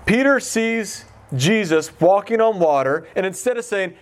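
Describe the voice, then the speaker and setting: A man's voice: sits high, animated, normal speed, few pauses. A man giving an informal Bible teaching in a conversational way, asking his listeners questions as he goes. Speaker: pastor.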